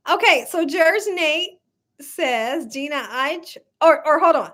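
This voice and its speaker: A high, bright-voiced woman chats on a cooking livestream. Her pitch swings widely, and she laughs often, speaking to viewers as y'all. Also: lively intonation, a little slow. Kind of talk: casual live chat reading viewer comments.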